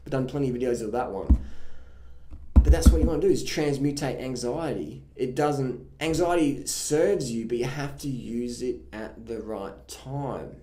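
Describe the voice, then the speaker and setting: A man talks in a loose, blunt, profane way, jumping into quick impressions as he tells his stories. His voice sits at an ordinary male pitch. The room rings with a noticeable echo. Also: a little hiss or hum. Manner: blunt, profane, animated storytelling. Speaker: vlogger. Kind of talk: casual advice monologue. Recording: roomy echo.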